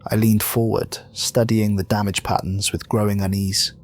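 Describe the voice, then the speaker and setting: A man reading a first-person sci-fi horror story in a steady, measured storytelling voice. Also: lowish voice, slight background noise. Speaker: narrator.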